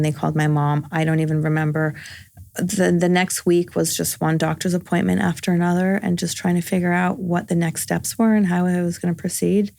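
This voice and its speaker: A woman in her forties speaks as a podcast guest, recounting her own story in an earnest, conversational way. Her voice sits low with a gravelly, fry-tinged texture. The sound is dry and close, with no room around it. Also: darkish tone, no echo. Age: 40s. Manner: earnest, recounts events with reported dialogue. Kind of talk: personal storytelling in casual conversation.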